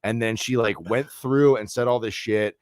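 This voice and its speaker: A man from Philadelphia tells a story as a podcast guest, animated and full of swearing, stumbling over restarts as he goes. His voice sits at an ordinary middle pitch. The sound is dry and close, with no room around it. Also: moderate pace, no echo. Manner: animated, profane, lots of restarts and fillers. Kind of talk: casual storytelling chat.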